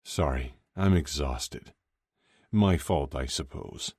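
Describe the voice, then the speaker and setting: A man voicing a blunt, teasing male hockey player, speaking low and quiet in an audiobook. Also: slow pace, husky, no echo, studio quality, heavily acted. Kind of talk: audiobook character voice.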